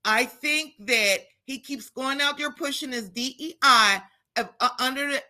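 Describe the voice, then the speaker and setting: A teacher calls in to a radio talk show, speaking bluntly and with emphasis. Her voice is high-pitched and sharp in tone, and she speaks unhurriedly.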